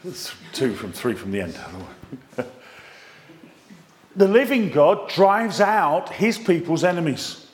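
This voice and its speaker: A man delivers a sermon in a fairly high voice, reading scripture with strong emphasis. He breaks off into quick, jokey asides and plain talk to the congregation. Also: very animated. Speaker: preacher.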